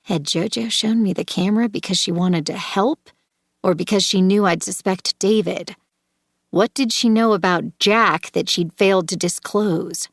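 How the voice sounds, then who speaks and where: A woman narrating a first-person thriller audiobook, measured and tense, turning confrontational in the dialogue. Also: medium pitch, dry recording, studio quality.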